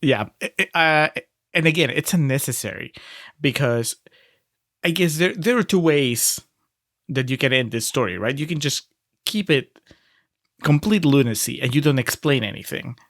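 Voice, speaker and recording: A man talks through a film on a casual podcast, mid-pitched and easygoing. He wanders through his points, laughing and restarting his sentences often. The sound is close and dry, with no room around it. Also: animated, normal speed, fairly bright tone, no echo. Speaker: podcast co-host.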